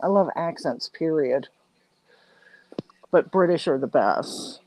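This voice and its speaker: A woman's voice: deep voice, slow pace, darkish tone, no echo, low-quality recording. American lady on a call, chatty and curious, dry close sound. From United States. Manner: chatty, curious, asks lots of questions. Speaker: call-in panel guest. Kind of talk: casual chat. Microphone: online call.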